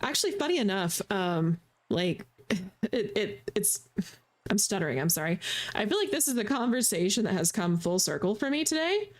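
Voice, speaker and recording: A woman's voice: mid-range voice, sing-song, normal speed. A woman streamer giving playful, chatty commentary while she plays a video game. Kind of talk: casual gameplay commentary.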